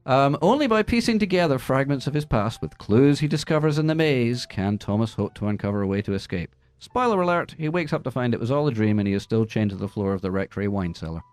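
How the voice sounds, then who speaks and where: A man hosting a radio movie show, reading the news with sarcastic, deadpan jokes. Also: mid-range voice, a little fast. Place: radio studio.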